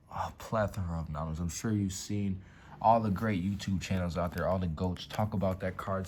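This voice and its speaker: A man's voice: sits low, darkish tone, slight background noise. A man hosting a casual card-collection vlog at home, talking in a laid-back, slangy way with some swearing, and now and then dropping to a whisper over a card. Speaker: YouTube card-collection host. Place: room at home by a window.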